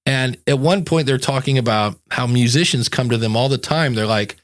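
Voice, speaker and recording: A man's voice: medium pitch, normal speed, few pauses. A man hosting a podcast, chatting casually and telling a rambling story, acting out little asides as he goes. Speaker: podcast coach and host. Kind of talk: casual chat.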